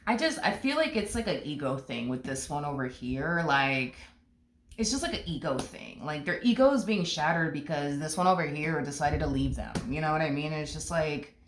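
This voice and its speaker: A woman's voice: low-pitched, expressive, moderate pace, slight background noise. A woman giving a casual tarot reading, blunt and emphatic, repeating her points and swearing freely. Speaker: tarot reader. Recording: roomy echo.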